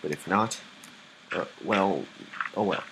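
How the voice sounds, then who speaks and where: A young man talks himself through a game, jumpy and easily startled. His voice sits low and his pace is slow and drawn out. A steady hiss of noise runs under the home recording. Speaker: gamer playing live. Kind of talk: live gameplay commentary.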